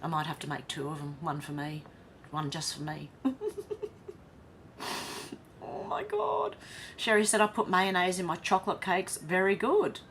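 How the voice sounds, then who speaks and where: Australian woman, livestream host; casual, giggly chat reader with a lowish voice. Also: fairly even intonation, fairly quick, a bit bright, a little hiss or hum. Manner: chatty, reads chat messages aloud, laughs often. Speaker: livestream host reading viewer comments.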